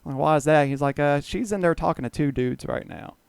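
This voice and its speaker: A man's voice: fairly high pitch, fast, creaky, smooth, no echo. A man casually telling a long story on a podcast, swearing freely and acting out what others said. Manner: rambling, profane, acts out quoted dialogue. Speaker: guest storyteller.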